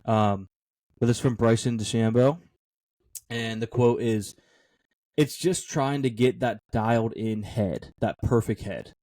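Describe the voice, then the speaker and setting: A man chatting on a sports podcast in a dry, close recording with no room sound. He keeps things playful, tossing out jokes and goofy asides. His voice sits at an ordinary middle pitch. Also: a little slow, darkish tone, no echo. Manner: joking, playful banter. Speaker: podcast co-host. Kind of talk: casual sports chat.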